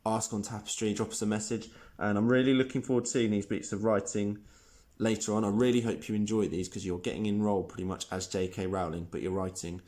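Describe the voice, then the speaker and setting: A man teaching a primary school writing lesson, explaining each step clearly while he types. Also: on the low side, fairly even intonation, quick pace, darkish tone. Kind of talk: recorded online lesson.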